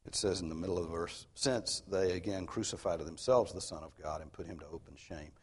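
A man's voice: low voice, quick pace, husky. A man preaching an expository sermon, earnest and emphatic, posing rhetorical questions as he teaches. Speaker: pastor.

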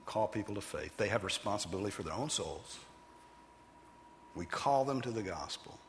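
A man preaching a sermon as pastor, animated and emphatic, sometimes putting on loud voices for the people he quotes. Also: on the low side, normal speed, in a large hall, slight background noise.

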